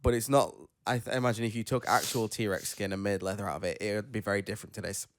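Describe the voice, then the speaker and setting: Still tired from being sick, this podcast host reads out news items and chats in a rambling, self-mocking way, often fumbling names. His voice is on the low side with fairly even intonation, he talks fast, and there's no echo.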